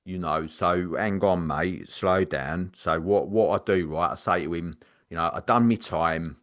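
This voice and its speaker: Man, casual storytelling, rambling, lowish voice. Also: fairly even intonation, measured pace, a bit bright. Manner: rambling, filler-heavy, laughs while telling. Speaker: podcast co-host.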